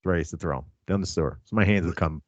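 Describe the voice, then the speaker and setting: Man, podcast host, crude casual talk, low voice, lively intonation, dull lo-fi recording. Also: very fast, dry recording.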